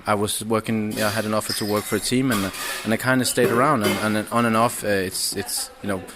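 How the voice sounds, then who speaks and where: A man, a podcast guest chatting casually and haltingly, with many restarts and fillers. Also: fairly low pitch, fairly even intonation, noisy background. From Denmark. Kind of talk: casual chat. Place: indoors, over drinks.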